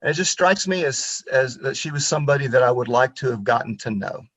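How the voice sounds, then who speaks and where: A man's voice: mid-range voice, lively intonation, brisk, a bit bright, dry recording. A man in his fifties from Pensacola, Florida, giving a local history talk over a video call in an earnest, reflective storytelling way. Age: 50s. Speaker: guest speaker on local history. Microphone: computer mic on a video call.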